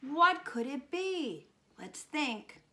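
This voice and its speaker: A woman speech teacher reading a guessing picture book to young children, animated and encouraging, with gasps and drawn-out words. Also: high voice. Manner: coaxing and encouraging, asking children questions.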